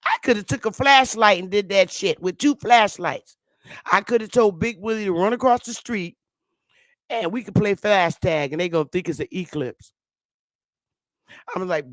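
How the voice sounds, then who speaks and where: A woman vlogger sitting at home, ranting loudly and profanely to her viewers and laughing often. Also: mid-range voice, animated, moderate pace, dry recording, studio quality. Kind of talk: profane comic rant to viewers.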